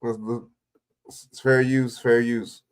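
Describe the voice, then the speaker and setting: A man's voice: mid-range voice, level tone, slow pace, clean tone. A man hosting a livestream, reacting to clips in casual, profane, jokey commentary.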